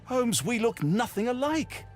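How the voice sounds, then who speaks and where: A man's voice: extremely high pitch, very animated, unhurried, soft background music, exaggerated voice. An actor playing Dr Watson, a wry, skeptical male companion who speaks in a dry, doubtful, grumbling way in a video game.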